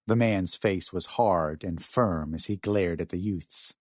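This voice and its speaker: A man narrating a novel in an expressive storytelling manner, close to a studio mic. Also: low voice, unhurried, dry recording. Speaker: audiobook narrator. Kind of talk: scripted narration.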